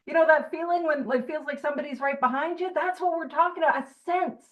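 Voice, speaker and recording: A woman leading a recovery group study, reading aloud and adding lively, joking asides. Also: sits high, fast talker, highs cut off. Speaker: meeting chair reading aloud.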